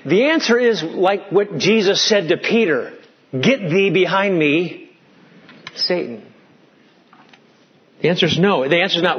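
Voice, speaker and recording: Husky-voiced man preaching a sermon. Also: sits high, animated, a little slow, long pauses, highs cut off. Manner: dramatic preaching, voicing the tempter in hushed tones. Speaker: pastor.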